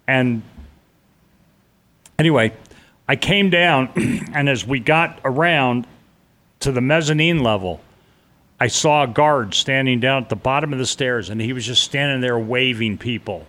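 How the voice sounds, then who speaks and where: A middle-aged man tells his story in earnest, halting conversation. He stumbles and restarts mid-sentence and slips into the voices of the people he remembers. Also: medium pitch, fairly bright tone. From New York. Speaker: interviewee recounting a disaster escape.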